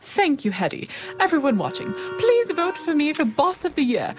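Woman acting a vain bossy manager, high voice, lively swoops, brisk, faint music behind. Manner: self-important, brisk and showy. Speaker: construction company manager.

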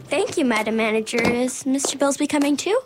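A woman's voice: sits high, a little fast, noisy background, close to an everyday voice. A woman playing an earnest, polite young woman who runs interviews in an audio drama. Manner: polite and earnest, giggly when nervous.

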